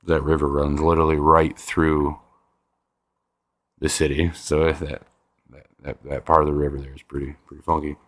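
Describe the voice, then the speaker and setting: A laid-back livestream host, a father of a five-year-old with a stiff, sore neck, reads viewer comments and chats in a rambling way, repeating his words. His bass voice barely moves in pitch, at a moderate pace with long pauses, in a dry, studio-quality recording.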